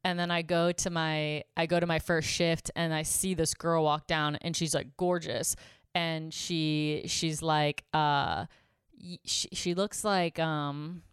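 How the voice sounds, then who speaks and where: A woman's voice: low voice, little pitch movement, takes it slowly, clear, resonant tone, dry recording, clean studio sound. A woman in her thirties chatting casually as a podcast co-host, telling blunt, candid stories. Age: 30s. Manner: candid storytelling, blunt, heavy on "like". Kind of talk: casual chat.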